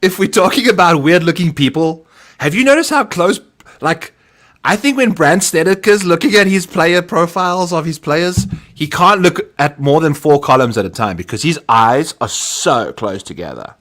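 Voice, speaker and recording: A man's voice: on the high side, animated, normal speed, fairly bright tone. A man from Africa, co-hosting a podcast in casual, teasing banter. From South Africa. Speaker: podcast co-host. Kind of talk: casual chat.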